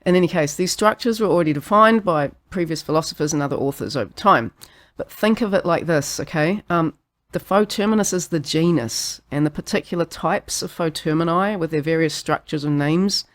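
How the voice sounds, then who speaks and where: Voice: mid-range voice, moderate pace. Sardonic New Zealand podcast host. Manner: sardonic, swearing, laughs at own jokes. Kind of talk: scripted philosophy monologue.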